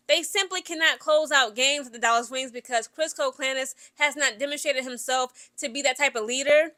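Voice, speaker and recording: A woman's voice: high-pitched, steady tone, brisk, few pauses, pushed and bright. A woman giving casual, opinionated sports gossip commentary to her viewers, chatty and emphatic, often tossing in "okay?". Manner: chatty, keeps asking "okay?" and addresses viewers directly.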